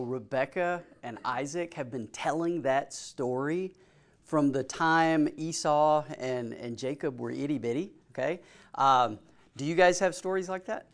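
A man's voice: mid-range voice, vocal fry. A man teaching a Bible class in a casual way, reading scripture and asking the group questions. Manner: asks the group questions, informal.

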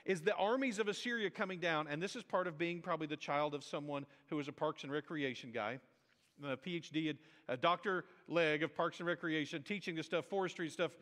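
A man preaching a sermon as a pastor in a conversational, animated way, often acting out quoted voices. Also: a little high, fairly quick. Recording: reverberant hall.

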